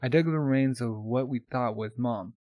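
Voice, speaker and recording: A man's voice: mid-range voice, moderate pace, dry recording, lo-fi sound, close to an everyday voice. A man voicing a hot-tempered teenage boy alchemist who talks bluntly, in a dry close recording.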